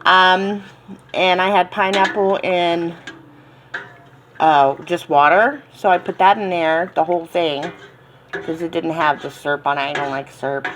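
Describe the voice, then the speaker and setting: A woman's voice: fairly low pitch, steady tone, unhurried, fairly bright tone, slight background noise, poor audio. A woman with a Southern accent chatting casually in her home kitchen, rambling with lots of ums and little laughs. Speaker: home cooking channel host.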